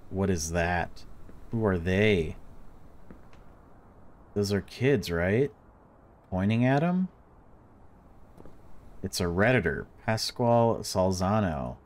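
A man's voice: low-pitched, animated, slow, long pauses. A man giving let's-play commentary on a horror game, jumpy and reactive, swearing when startled. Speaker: gaming YouTuber.

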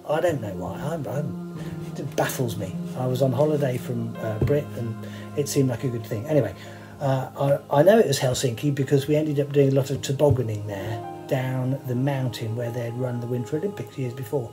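A man's voice: mid-range voice, normal speed, over music, low-quality recording. A man hosting, telling rambling, wry anecdotes with many asides and fillers. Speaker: host sharing stage rigging anecdotes.

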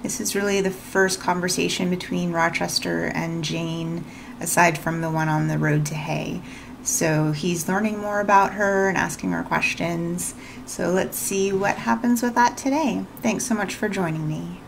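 A woman's voice: on the low side, steady tone, normal speed, creaky, a little hiss or hum. A woman librarian introducing a book reading in a friendly, explanatory way. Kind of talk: read-aloud book reading.

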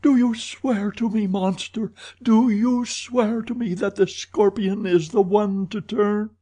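A terrified young woman pleading in a high, strained voice, put on by a male audiobook reader. Her voice is raised well above his own, with a husky edge. It is an audiobook character reading. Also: very animated, takes it slowly, a little mellow, exaggerated voice.

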